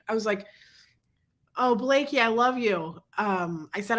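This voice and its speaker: Sick and congested, a woman hosting a casual livestream greets viewers by name and chats between coughs. Her low, husky voice is animated and fairly bright, a little slow, with frequent pauses.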